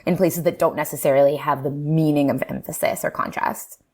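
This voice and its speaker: A woman linguist explaining in a casual, animated way, laughing often. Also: deep voice, brisk. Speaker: linguist guest. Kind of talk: casual explanatory podcast talk.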